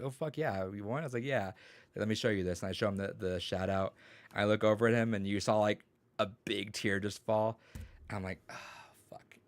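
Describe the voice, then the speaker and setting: A young man, a podcast co-host who also teaches, chats casually and tells rambling stories packed with swearing and quoted dialogue. His voice is fairly low, with no room sound.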